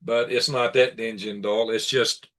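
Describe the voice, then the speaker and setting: A man's voice: medium pitch, little pitch movement, normal speed, fairly bright tone. A man hosting his own live-stream show, chatting casually in an aggravated, rambling rant broken up by chuckles. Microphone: computer setup for live broadcast.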